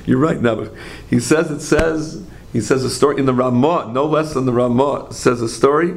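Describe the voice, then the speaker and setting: A man gives a religious class in a gravelly, mid-pitched voice, telling stories with animated rhetorical questions. He breaks off and corrects himself often and turns to his listeners with asides. A faint background hum runs underneath. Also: moderate pace. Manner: frequent self-corrections and trailing phrases. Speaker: Torah teacher. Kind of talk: religious class lecture with storytelling.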